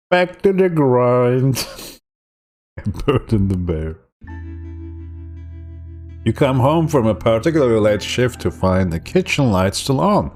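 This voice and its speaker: A man's voice: mid-range voice, a little mellow. A young man streaming a game, reading its story text aloud with laughing, joking asides. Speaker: gaming streamer.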